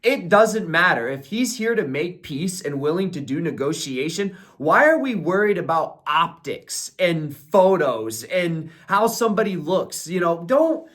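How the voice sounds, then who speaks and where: A man's voice: fairly high pitch, very animated, unhurried, hardly any pauses, fairly bright tone. Blunt, opinionated young male commentator. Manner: opinionated, blunt, rambling run-on sentences. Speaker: political commentator. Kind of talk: solo commentary video.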